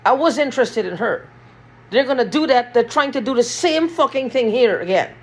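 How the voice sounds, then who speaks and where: A woman's voice: fairly high pitch, expressive, moderate pace, husky. A woman in an agitated, repetitive vlog rant, swearing often, recorded in a small basement room. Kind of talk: ranting vlog monologue.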